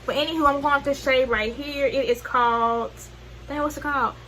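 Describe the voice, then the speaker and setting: A beauty vlogger with a Southern US accent rambles through a makeup tutorial, full of slang and self-corrections and losing her thread mid-sentence. Her voice is high and fairly bright, with fairly even intonation at a moderate pace. The low-quality recording has slight background noise.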